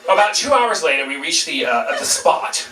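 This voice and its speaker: A man telling a funny personal story to an audience, animated and self-mocking, acting out voices and sounds, in a roomy echoing space. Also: a little high, moderate pace.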